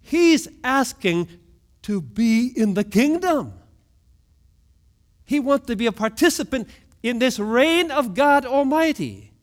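A man preaching a sermon, moving between hushed low lines and sudden raised outbursts, often asking his listeners questions. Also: big pitch swings, slow pace, pauses often. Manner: asks the congregation questions. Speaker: pastor.

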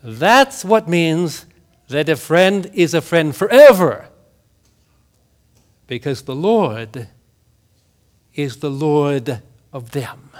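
A male pastor preaches a sermon in a high, sing-song voice that rises and falls widely. He takes his time, leaning on words and sinking to near-whispers for emphasis. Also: animated. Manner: slow and emphatic, with dramatic drops to near-whispers.

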